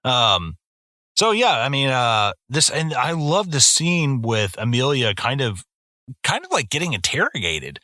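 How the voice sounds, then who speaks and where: A young man co-hosting a podcast, chatting casually about a film, profane and animated. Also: medium pitch, unhurried, no echo, clean studio sound. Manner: profane, animated storytelling with put-on voices. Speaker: podcast co-host.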